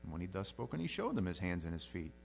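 A man preaching a sermon in a conversational, animated way, often restarting his sentences. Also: sits low, fast talker, gravelly, slight background noise.

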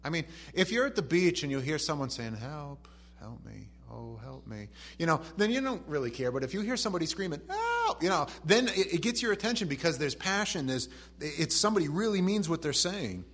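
A man preaching a sermon. He reads scripture softly and then rises to animated emphasis. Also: fairly high pitch, quick pace, few pauses, slightly rough.

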